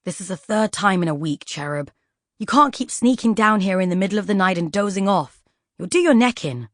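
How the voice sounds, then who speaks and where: A woman voicing a kind, bookish father who speaks in a wry, gently teasing way. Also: medium pitch, animated, fairly quick, no room sound, studio quality, close to an everyday voice.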